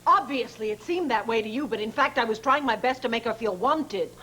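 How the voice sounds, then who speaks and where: A refined middle-aged mother defends herself in a breathy, husky voice that rises and falls a lot. She is a soap drama character with soft music under her lines. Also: on the high side, lively intonation, fairly quick, full character voice. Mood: defensive. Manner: defensive, pleading.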